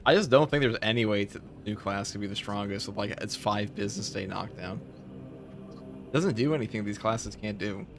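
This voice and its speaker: Man, New York accent, gaming streamer, low gravelly voice, blunt jokey chat. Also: brisk, over music. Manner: blunt, joking, swears casually.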